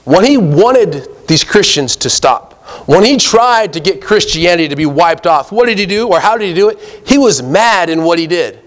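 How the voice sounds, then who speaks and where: A man delivers a sermon in a slightly high voice. He reads scripture aloud and talks to his listeners as guys. He drives each point home with rising, emphatic questions. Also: lively intonation, normal speed. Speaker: preacher.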